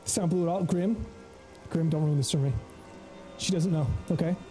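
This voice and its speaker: Joking Southern streamer with a mellow voice. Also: male voice, a little high, normal speed, soft background music. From United States. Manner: joking, rambling, talks to chat. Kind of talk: casual gaming livestream chat.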